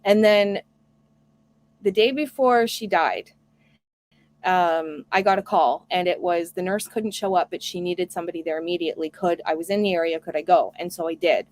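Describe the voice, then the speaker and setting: A woman's voice: fairly low pitch, normal speed. A woman hosting a casual live stream, talking earnestly and reading viewer comments aloud. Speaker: homestead live stream host.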